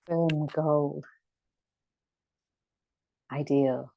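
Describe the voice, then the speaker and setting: Woman, spiritual teacher, deep gravelly voice, unhurried, reflective. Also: steady tone, dark tone, no room sound, low-quality recording. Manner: reflective, repeats key words. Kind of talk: scripture discussion class.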